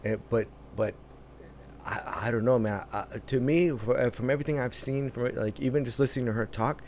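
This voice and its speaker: Guy rambling through a reaction vid, mid-pitched voice, lots of like and um, bit of faint hiss behind. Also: fairly quick, darkish tone. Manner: rambling, many restarts and fillers. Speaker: reaction host. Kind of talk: casual reaction commentary.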